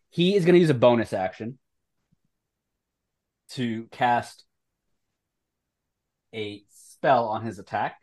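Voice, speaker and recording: Man, game master, tabletop narration, brisk rules talk. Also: mid-range voice.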